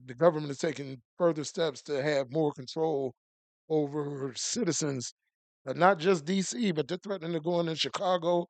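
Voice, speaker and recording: A man with a gravelly voice co-hosting a podcast, giving a measured, low-key news commentary. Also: a little mellow, no echo. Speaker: podcast co-host. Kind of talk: casual chat and news segment.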